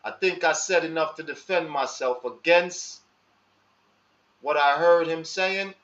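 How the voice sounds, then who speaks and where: Man, slow-talking, street slang, casual stream monologue, roomy echo. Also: fairly high pitch, fairly bright tone. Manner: slow, street slang, asks the audience for advice. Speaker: live stream host. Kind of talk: casual monologue to live chat. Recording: echoey room, dull lo-fi sound.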